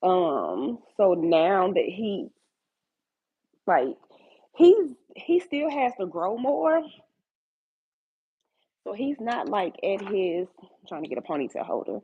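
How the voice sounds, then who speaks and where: A woman's voice: mid-range voice, very animated, takes it slowly, long pauses, slightly rough. A woman streaming live from her home kitchen at night, chatting casually with viewers and talking to her dogs. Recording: tinny phone-like sound.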